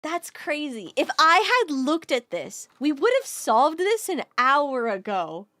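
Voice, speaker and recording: A woman streamer giving live game commentary, excitable, swinging from muttering to shouting and swearing freely. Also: high-pitched, slow.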